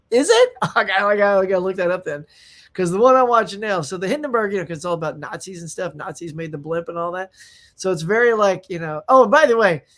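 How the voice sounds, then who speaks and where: A man hosting a casual live chat show, rambling and animated, reading out viewer comments and laughing often. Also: high-pitched. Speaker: livestream host.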